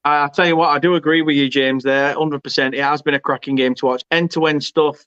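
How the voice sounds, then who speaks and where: Hosting a live football watchalong, a man reads viewer comments aloud and cracks jokes, often stumbling and repeating his words. His voice is fairly high, fairly bright and clean, with fairly even intonation and a slightly fast pace. There's no room sound, but the stream audio is dull and lo-fi.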